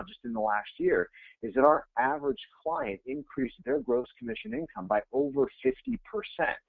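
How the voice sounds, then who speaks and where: A male coach talks through a webinar with a lively, rising and falling delivery and a gravelly edge in his voice. His words come over a thin, phone-like line with no room sound around them. He speaks casually and with energy, repeating phrases for emphasis. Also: mid-range voice, dry recording. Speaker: real estate coach. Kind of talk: webinar presentation. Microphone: webinar audio feed. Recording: tinny phone-like line, dry.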